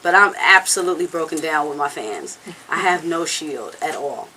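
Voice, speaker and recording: Pushed and bright, with lively intonation, a low-pitched woman's voice moves at normal speed through a low-quality recording with a little hiss or hum. The speaker, a singer, is being interviewed candidly and casually. She rambles earnestly and bluntly, swearing at times and frequently saying "you know what I'm saying."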